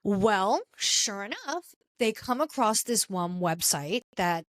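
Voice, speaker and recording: A woman's voice: mid-range voice, slow, no room sound. A woman podcast co-host casually retelling a story, quoting people as she goes, with frequent restarts. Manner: animated retelling with quoted voices and restarts.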